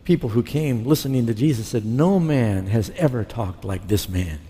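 A man's voice: mid-range voice, expressive, moderate pace, mellow. A middle-aged man preaching a sermon, telling his conversion story and acting out his past dialogue. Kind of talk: sermon testimony. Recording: long hall reverb.

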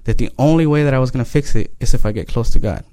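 A man giving an emotional personal testimony, earnest and halting, often repeating his phrases. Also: mid-range voice, dark tone, smooth.

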